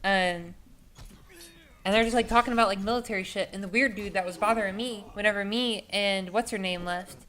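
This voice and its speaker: A woman's voice: medium pitch, steady tone, fairly quick, a bit bright. A young adult woman telling a story casually, rambling and profane, with many filler words. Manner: rambling, profane, heavy with "like" and "you know".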